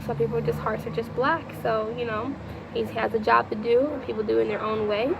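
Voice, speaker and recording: In a loose, rambling vlog, a woman with a gravelly, somewhat high voice tells a personal story at a slightly fast clip and a steady tone. She repeats herself and breaks off to address the Lord, with clear background noise beneath.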